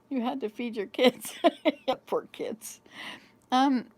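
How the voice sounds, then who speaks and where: A woman's voice: high-pitched, darkish tone. A woman in her fifties hosting a vlog, telling rambling home stories to a small camera with frequent laughter. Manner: rambling, chatty storyteller who laughs often. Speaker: vlog host. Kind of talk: casual chat to camera.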